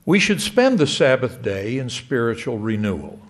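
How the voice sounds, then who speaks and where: Man giving a lively measured sermon. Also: medium pitch. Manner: measured, lively rising emphasis. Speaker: church speaker.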